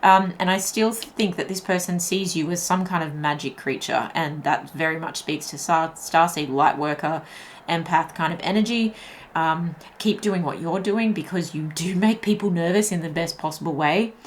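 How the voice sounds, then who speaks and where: A woman's voice: on the low side, moderate pace, a little hiss or hum. Chatty woman giving a tarot reading. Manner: chatty, thinks aloud with many fillers and restarts. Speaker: tarot reader. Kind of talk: intuitive tarot reading to camera.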